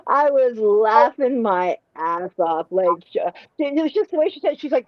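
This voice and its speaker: A woman hosting a livestream panel, spinning crude comic anecdotes with constant restarts and rambling tangents. Her voice sits a bit high for a woman. The sound is dry and slightly muffled, with no room echo. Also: lively intonation, moderate pace. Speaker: streamer hosting a live panel. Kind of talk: rambling comedic storytelling.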